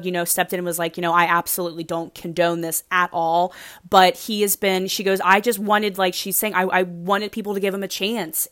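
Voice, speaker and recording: A young woman recapping a reality show in casual chat, gushing and emotional, with lots of fillers, breaking into squeals when excited. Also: on the low side, clear, resonant tone, dry recording, clean studio sound.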